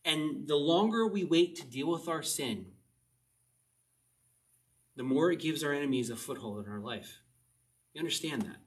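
Casual male pastor, chatty sermon with questions and chuckles, a bit high, recorded slightly off-mic. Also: expressive, moderate pace, pauses often, far from the mic, low-quality recording. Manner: conversational, asks the listeners questions, chuckles often. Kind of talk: casual sermon, reading and explaining a psalm.

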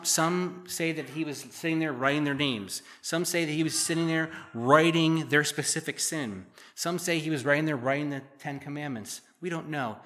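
A man's voice: a little high, a bit bright. A middle-aged man preaching a sermon, reading scripture verses and explaining them with casual, joking asides. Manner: conversational, joking asides between read verses. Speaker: pastor.

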